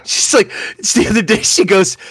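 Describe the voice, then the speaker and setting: A man co-hosting a podcast in casual chat, telling stories with animated delivery and acting out both sides of conversations. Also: high voice, normal speed, breathy edge, dry recording, studio quality. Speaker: podcast co-host.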